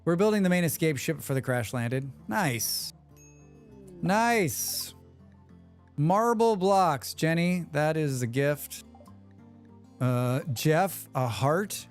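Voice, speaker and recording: A man hosting a live game stream, chatting quickly with viewers and thinking aloud as he plays. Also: on the high side, expressive, soft background music. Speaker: livestream game host. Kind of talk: casual live gameplay commentary.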